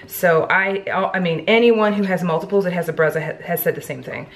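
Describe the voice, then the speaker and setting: A woman's voice: lowish voice, brisk, a little hiss or hum. A young woman chatting casually to her camera at home in a family vlog, slangy and talkative, with music playing under her voice. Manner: chatty and slangy, drops into baby talk with the infants. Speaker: vlogger. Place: home, indoors.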